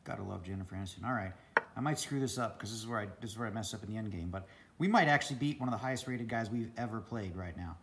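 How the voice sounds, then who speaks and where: A man's voice: fairly low pitch, very fast, very noisy. A man talking casually to camera at home in a vlog, chatty, often laughing and muttering to himself. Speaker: vlogger. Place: home indoors.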